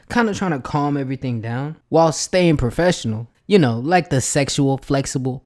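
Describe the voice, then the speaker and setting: A man's voice: fairly high pitch, darkish tone. A man casually recapping a wrestling storyline for his channel in a slangy, profane, rambling way. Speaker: wrestling commentary vlogger.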